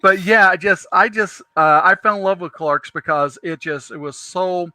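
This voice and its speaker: Male host, casual storyteller, high bright tone, dry room. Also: moderate pace, no room sound. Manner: rambling, animated storyteller with many restarts.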